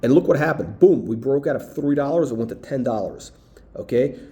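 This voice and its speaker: A man walking through stock charts, talking emphatically and punctuating points with "boom" and "okay". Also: expressive, a little fast, dark tone. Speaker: stock market commentator. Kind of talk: chart walkthrough video.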